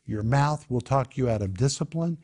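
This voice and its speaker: A man's voice: medium pitch, lively intonation, normal speed, a little mellow, breathy edge. A man teaching a Bible study in an emphatic way, repeating his key phrases.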